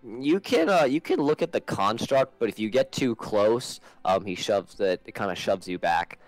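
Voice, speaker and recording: Rambling male game master, lively pitch. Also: normal speed, dry recording, soft background music, low-quality recording. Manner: rambling, hesitant, many fillers. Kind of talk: narrating a tabletop game.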